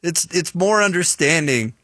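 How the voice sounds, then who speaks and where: Bright-voiced Utah sports radio host. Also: male voice, a little high, moderate pace, no room sound, studio quality. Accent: Utah, American. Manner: chatty, animated when arguing a point. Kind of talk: casual radio banter.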